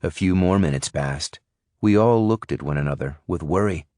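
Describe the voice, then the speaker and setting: A man reading a thriller audiobook in first person, measured and suspenseful. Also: low-pitched, animated, warm tone, dry recording, clean studio sound. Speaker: audiobook narrator. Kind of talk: scripted audiobook narration.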